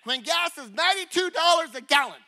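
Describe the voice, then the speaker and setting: A man preaching a sermon. He talks in a conversational, animated way, firing rhetorical questions at the congregation and acting out little scenes. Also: very high-pitched, a little fast. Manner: acts out little scenes and honking noises.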